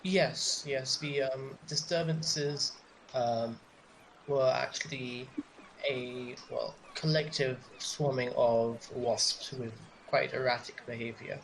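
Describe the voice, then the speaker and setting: A man playing a character in a tabletop game, halting and losing his thread before rushing ahead. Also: medium pitch, fairly even intonation, a bit bright, a little hiss or hum, low-quality recording. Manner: halting, loses his train of thought, then rushes. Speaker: player.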